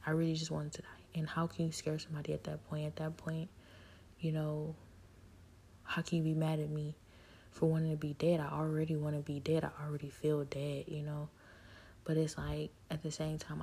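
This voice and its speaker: A woman telling a personal spiritual testimony in an intimate, halting way, often sinking into a near whisper. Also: low-pitched, gravelly, dark tone, breathy edge. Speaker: speaker sharing her story.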